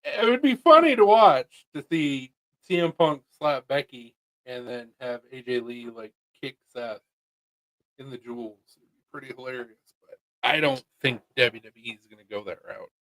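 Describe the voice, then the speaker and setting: A man's voice: mid-range voice, expressive, moderate pace, a bit bright, dry recording, rough recording. A man hosting a casual livestream, chatting in a laid-back, rambling and jokey way. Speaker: livestream host. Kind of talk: casual chat.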